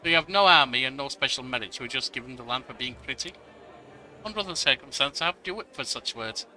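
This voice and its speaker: A man's voice: mid-range voice, lively intonation, quick pace, sharp tone. A man reading an arrogant nobleman's lines aloud in a haughty, offhand manner. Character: arrogant, bored young male baron.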